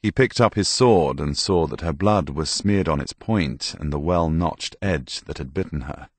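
A man reading a dark fantasy audiobook as narrator, in a measured, deliberate storytelling manner. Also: rumbling low, husky, no echo. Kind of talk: scripted narration.

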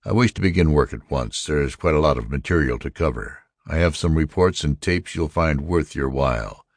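A man voicing a confident, brisk male politician who speaks curtly. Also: extremely low pitch, lively intonation, no room sound, studio quality, heavily acted. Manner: brisk, curt.

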